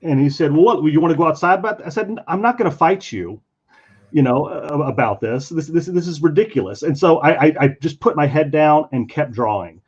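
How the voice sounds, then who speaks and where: A man's voice: fairly high pitch, normal speed, husky. A man, a comic artist, telling a convention story in casual chat and acting out the voices of the people in it. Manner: animated, acts out quoted voices. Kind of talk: casual storytelling while drawing. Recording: dull lo-fi stream audio.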